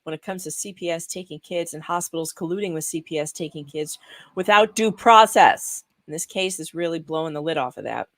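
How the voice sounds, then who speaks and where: A woman's voice: sits low, a little fast, no room sound. A woman journalist speaking as a guest on a casual live stream. She is blunt and outspoken and swears freely. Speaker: journalist and commentator.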